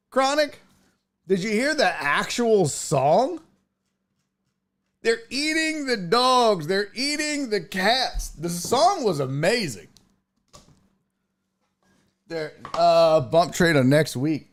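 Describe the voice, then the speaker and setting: A man hosting a sports talk show, chatting casually in an animated, profane way that jumps between tangents. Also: a little high. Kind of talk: casual chat.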